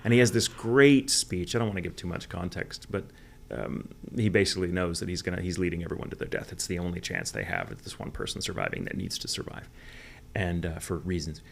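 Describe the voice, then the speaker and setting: An American man with a low, gravelly voice tells stories in a relaxed interview. He is animated, curses easily and slips into the voices of the people he quotes. A faint hiss sits under the recording. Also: a little fast. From United States. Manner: animated, swears freely, acts out quoted lines. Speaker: guest voice actor. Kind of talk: casual interview storytelling.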